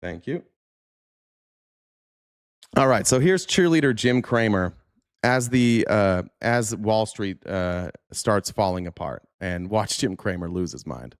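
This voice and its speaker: A man's voice: on the low side, animated, slow, clear, resonant tone, dry recording. A man hosting a political livestream, ranting heatedly with profanity and restarts while reacting to clips and chat. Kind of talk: casual livestream commentary.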